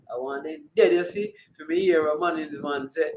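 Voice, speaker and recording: A man's voice: sits high, lively intonation, fast talker, few pauses, roomy sound, background noise. A man with a Jamaican accent hosting a casual sports talk show, teasing and bantering and slipping into patois.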